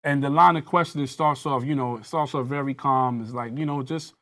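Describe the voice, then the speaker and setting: A man's voice: medium pitch, fairly even intonation, brisk, pushed and bright. Man reliving an interrogation story. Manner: reenacts dialogue with rising intensity. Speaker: guest recounting a police interrogation. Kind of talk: personal storytelling in a panel discussion.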